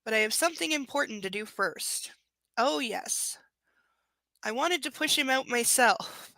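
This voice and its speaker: A woman's voice: a little high, animated, unhurried, gravelly, bright, forceful tone, no room sound. A young woman reading a romance novel aloud live, breaking off for sarcastic, profane commentary. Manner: snarky, profane commentary between passages. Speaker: book reader.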